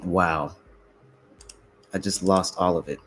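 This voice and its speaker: A man's voice: low-pitched, steady tone, slow, a bit bright, a little hiss or hum. A young man trading futures live on stream, talking casually to viewers and swearing, frustrated and muttering to himself. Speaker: livestreaming futures trader.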